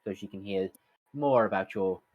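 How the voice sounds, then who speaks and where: A man doing a soft-spoken Irish bard. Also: on the low side, moderate pace, highs cut off, natural voice. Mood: smooth, flattering. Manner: soft, subdued, a bit sad-sounding. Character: male bard adventurer, smooth and flattering.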